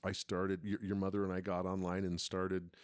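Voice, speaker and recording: A man's voice: deep voice, completely flat delivery, moderate pace, dry recording, studio quality. A middle-aged man telling a long story in casual chat, rambling and restarting his sentences often. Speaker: podcast co-host, father.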